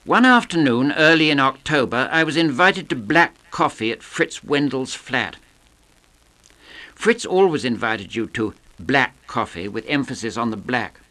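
A man reads a novel aloud, in a measured and understated way. His voice sits at a middle pitch for a man. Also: lively intonation, bright, forceful tone. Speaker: reader.

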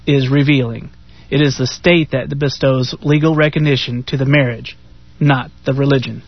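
A man's voice: mid-range voice, steady tone, moderate pace, dry recording. A man reads an article aloud on a radio talk show, stumbling over fillers between sentences. The sound is dry and close, with a dull lo-fi radio tone. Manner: hesitant, filler-heavy reading.

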